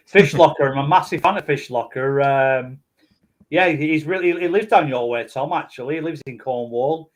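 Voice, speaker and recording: A man's voice: a little high, normal speed. A man, a guest on a podcast, chatting in an easygoing, chatty way. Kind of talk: casual podcast chat.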